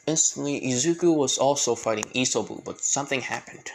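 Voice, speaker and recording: A young man narrates a fan-made story on the fly, middling in pitch. He rambles, restarts sentences, and speaks straight to his viewers. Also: fairly quick, noisy background. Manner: rambling, many fillers and restarts.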